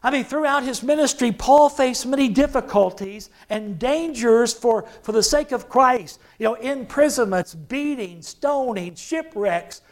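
Slow, emphatic preacher at the pulpit. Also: medium pitch. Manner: emphatic, repeats phrases and has the congregation repeat lines. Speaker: pastor. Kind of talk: sermon.

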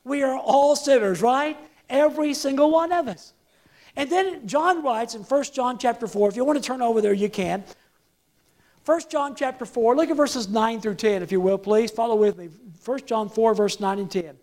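A woman's voice: on the high side, darkish tone. A woman preaching a sermon to a congregation, emphatic and repeating key phrases for them to say back. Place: church service with projected slides.

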